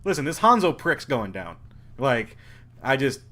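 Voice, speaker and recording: A man with a very lively, swooping intonation banters on a podcast panel. His talk is blunt and jokey, with casual swearing thrown in. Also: mid-range voice, moderate pace. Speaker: podcast co-host.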